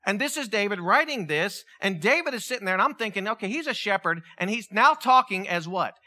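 A man preaching a sermon, animated, asking the congregation questions and acting out quotes. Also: sits high, quick pace, few pauses. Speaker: pastor.

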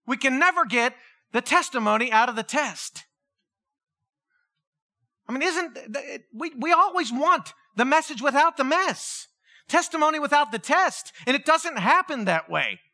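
Male pastor, conversational sermon; sharp, bright tone, highly animated delivery. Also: normal speed. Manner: animated, conversational preaching with acted-out quotes.

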